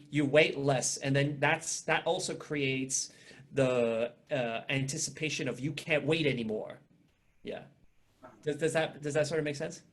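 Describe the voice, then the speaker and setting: A man's voice: fairly high pitch, fairly bright tone. Casual young man coaching violin. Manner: casual, halting, many restarts and fillers. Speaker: violin masterclass teacher. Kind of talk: online masterclass coaching.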